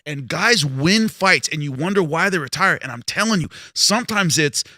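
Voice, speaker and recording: A man hosting a boxing chat show, his voice bright and sitting a little high. He tells stories with acted-out quotes and stumbles on restarts now and then. The sound is dry and close. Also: lively intonation, moderate pace, no room sound. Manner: storytelling, acts out quoted voices. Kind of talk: animated panel chat.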